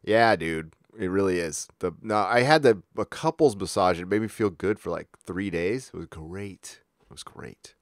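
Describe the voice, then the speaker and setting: A middle-aged man from San Diego, chatting casually as a livestream host and telling rambling, profane stories that jump into sudden high-pitched bursts. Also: moderate pace, few pauses, no room sound. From San Diego, California. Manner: laid-back, profane storytelling with sudden high-pitched outbursts.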